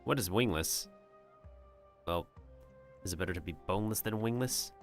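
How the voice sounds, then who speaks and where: A man's voice: sits low, moderate pace, faint music behind. A man doing casual gameplay commentary on a livestream, rambling and joking with his chat. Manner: rambling and jokey, talks to his chat and slips in joke drawls.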